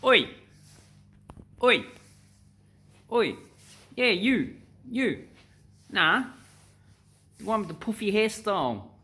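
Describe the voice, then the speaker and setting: A man with an Australian accent voicing a rude, loud-mouthed Aussie bloke who shouts and swears to call someone over. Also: high voice, big pitch swings, slow, long pauses, pitched above the performer's own voice, exaggerated voice. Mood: yelling, crude.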